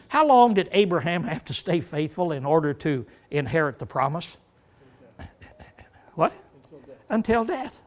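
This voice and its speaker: An older man preaching a Bible study sermon in a folksy manner, often clearing his throat and asking the congregation rhetorical questions. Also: fairly high pitch, very animated, unhurried, pauses often.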